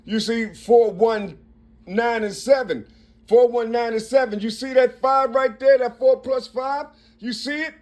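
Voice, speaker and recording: Recording himself in Cincinnati, Ohio, a man with a notably high, fairly even-toned voice rambles through numbers and letters aloud. He repeats himself, keeps asking "you see?", and his halting delivery is full of restarts.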